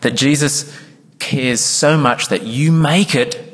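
A man preaches slowly in a mid-range, slightly bright voice, serving as pastor in a church. His sermon is earnest and emphatic, with occasional acted-out quotes from congregation members. The church hall gives it a long reverb.

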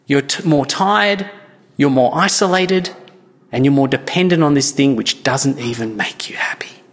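A man's voice: mid-range voice, moderate pace. A man, preaching a sermon as pastor in an earnest, conversational way with frequent restarts. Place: church. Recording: church hall with long reverb.

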